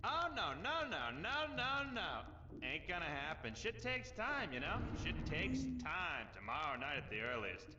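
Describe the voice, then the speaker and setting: An actor playing a streetwise male fixer who talks fast and slangy, flirting as he bargains. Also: a little high, wildly swooping pitch. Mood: dismissive. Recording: dull, echoey, distant, faint hiss.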